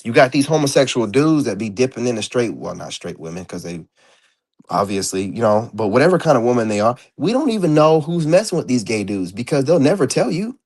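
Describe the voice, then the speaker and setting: A man's voice: medium pitch, very animated, a little fast, darkish tone. A man ranting in a casual vlog monologue, blunt and profane, rambling with lots of fillers. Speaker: vlogger. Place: indoors.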